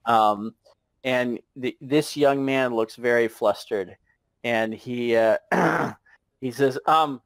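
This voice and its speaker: A man narrating a tabletop game as game master, halting and chuckling as he goes. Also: medium pitch, no room sound. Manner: halting, many fillers and restarts, chuckling.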